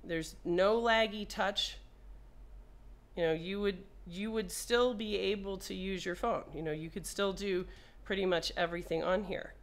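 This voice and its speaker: A woman repair technician walking viewers through a hands-on demo in a casual, playful way, chatting to the device and cursing when things go wrong. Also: medium pitch. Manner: playful, talks to the phone, swears when frustrated.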